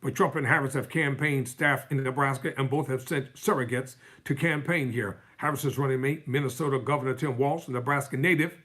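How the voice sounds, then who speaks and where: Live-stream host, male, husky mid-range voice, reads news copy and cuts in with heated, mocking commentary. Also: medium pitch, steady tone, brisk, hardly any pauses, fairly bright tone. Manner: fiery, sarcastic, mocking. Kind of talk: reading news articles aloud with heated commentary.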